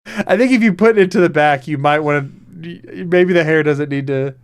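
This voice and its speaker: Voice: medium pitch, normal speed. A streamer chatting casually on a live stream, laughing often.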